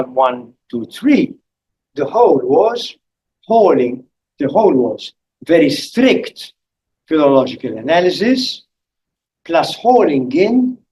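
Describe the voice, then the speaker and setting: An older man giving a public academic lecture, speaking deliberately with pauses and spelling out letters one by one. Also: fairly high pitch, darkish tone, a little hiss or hum, low-quality recording. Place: lecture hall.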